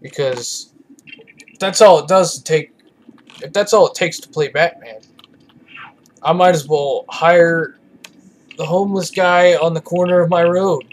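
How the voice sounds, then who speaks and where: A man's voice: a little high, a little slow, pauses often, a little hiss or hum. A tired man giving rambling, profane, opinionated commentary while playing a video game. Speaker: let's play gamer. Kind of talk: casual gameplay commentary.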